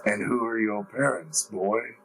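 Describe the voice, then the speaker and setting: A man voicing a gruff, bearded old man with a smooth accent who speaks low and stern. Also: unhurried, a bit bright, faint music behind, low-quality recording. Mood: probing. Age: older. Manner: low, resigned, growling.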